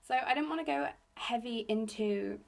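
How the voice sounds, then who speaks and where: A young woman from England with a slightly raspy voice, hosting a solo podcast into her phone in a rambling, self-deprecating chat. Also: fairly high pitch, moderate pace, a little mellow. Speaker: podcast host.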